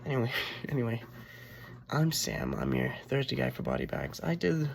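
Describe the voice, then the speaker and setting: A young man with a hoarse voice from being sick, rambling through a casual movie review full of "like" and restarts. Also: mid-range voice, wildly swooping pitch, normal speed, a little hiss or hum.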